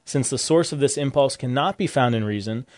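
A man's voice: medium pitch, a little fast, no echo. Casual male co-host, easygoing storyteller, dry close-mic sound. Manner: relaxed storytelling with frequent restarts. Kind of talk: casual discussion.

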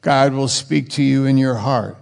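A man preaching a sermon, slow and halting, with emphatic rising bursts. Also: mid-range voice, fairly even intonation, creaky, darkish tone. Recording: reverberant hall.

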